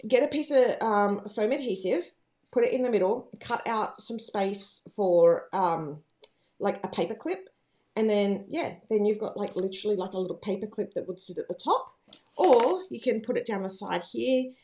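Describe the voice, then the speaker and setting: A woman's voice: medium pitch, normal speed, mellow. Chatty rambling woman hosting a livestream. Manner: rambling, chatty, bubbly with frequent fillers. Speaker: livestream host, planner business owner. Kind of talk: casual livestream chat. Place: home.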